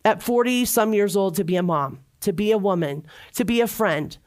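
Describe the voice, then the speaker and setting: A woman's voice: medium pitch, expressive, moderate pace, darkish tone. A middle-aged woman giving a heartfelt personal testimony at a church gathering, speaking earnestly and repeating phrases for emphasis.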